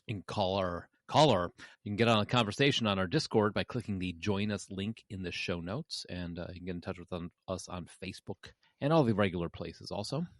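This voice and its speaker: Low-voiced man hosting a podcast. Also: brisk, no room sound, studio quality. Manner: relaxed, jokey, runs the segments. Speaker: podcast host. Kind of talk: casual chat.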